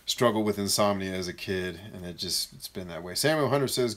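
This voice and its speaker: A man's voice: lively intonation, a bit bright. A man coaching viewers in a casual live-stream Q&A, reading their comments aloud and answering bluntly with jokes. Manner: mocks shrill voices in quick bursts.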